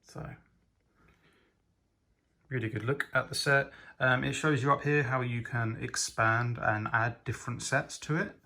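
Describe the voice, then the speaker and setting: A man's voice: mid-range voice, fairly even intonation, measured pace, pushed and bright. A man giving a casual, enthusiastic toy set review, talking with frequent hesitations and ums. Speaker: LEGO reviewer.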